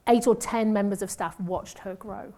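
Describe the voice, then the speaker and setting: A woman's voice: mid-range voice, steady tone, moderate pace, dark tone. Woman around fifty preaching a testimony, chatty and self-mocking, lots of asides. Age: 50s. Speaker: church speaker and former nurse. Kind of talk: testimony sermon to a congregation.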